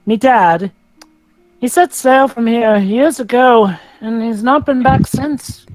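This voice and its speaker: A woman's voice: on the high side, takes it slowly, a little mellow, dry recording, soft background music, poor audio. An actress voicing a plain-spoken young Yorkshire woman in game dialogue, blunt with homely dialect.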